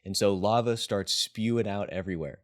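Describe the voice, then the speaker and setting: A man's voice: fairly low pitch, a little fast. A man hosting a casual movie review chat, talking eagerly with a rambling flow. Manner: excited, rambling, with fillers and laughs. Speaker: podcast host, movie reviewer.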